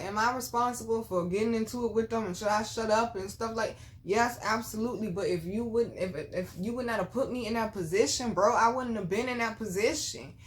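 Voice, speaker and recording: A woman vlogger telling her own story to viewers, blunt and full of swearing, dropping to low murmurs and then bursting out loud. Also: fast, few pauses. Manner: blunt, profane, animated storytelling. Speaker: spiritual reader and vlogger. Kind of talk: candid storytime chat to viewers.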